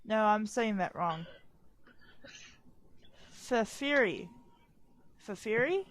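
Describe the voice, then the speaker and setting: A woman's voice: fairly high pitch, unhurried. A woman reading fanfiction aloud on a casual podcast, stumbling over names and breaking off for sarcastic remarks.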